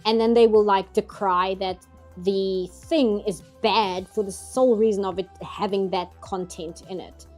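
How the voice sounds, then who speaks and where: A woman's voice: medium pitch, fairly even intonation, unhurried, a little mellow. Woman rambling on her stream, laughs a lot, faint music behind. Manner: chatty, laughs often, mock outrage. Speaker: livestream host. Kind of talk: casual livestream chat.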